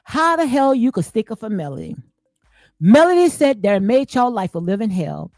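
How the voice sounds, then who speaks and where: Blunt, preachy woman with a high voice. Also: sing-song, moderate pace, a little mellow, no echo. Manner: blunt, preachy, repeats herself, slangy. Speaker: commentary channel host. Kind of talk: casual reaction commentary.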